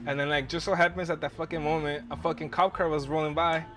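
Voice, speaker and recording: Fast-talking young man telling a story. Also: a little high, flat delivery, noisy background. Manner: rambling, profane, laughs through his story. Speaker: podcast host. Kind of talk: casual storytelling chat.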